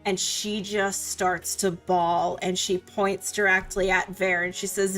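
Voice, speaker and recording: A woman playing a tabletop role-playing game, narrating her character's dramatic scene with expressive build-up. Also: medium pitch, moderate pace, hardly any pauses, faint music behind. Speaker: player.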